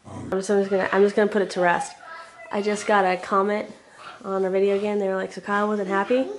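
Sick with a cold and a hacking cough, a young Oklahoma woman vlogs from inside her family home, telling stories to the camera in a chatty, filler-heavy way. She talks fast with a flat delivery in a mid-range voice, and there is slight background noise.

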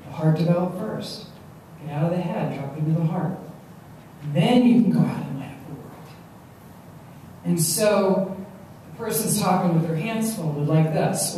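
A woman gives an animated motivational talk, often repeating herself. Her voice is mellow and sits at a middle pitch. It comes from a distance in a very echoey hall, with faint noise behind. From Long Island, New York. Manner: animated, repeats words, acts out quotes. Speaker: stress management speaker.

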